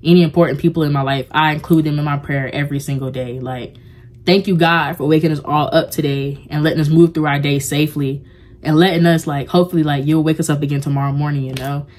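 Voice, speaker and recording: A woman's voice: low voice, fairly even intonation, quick pace, darkish tone. A young woman talking to her viewers in a casual, confessional vlog, rambling and heartfelt, with many filler words. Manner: rambling and heartfelt, heavy use of "like". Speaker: vlogger.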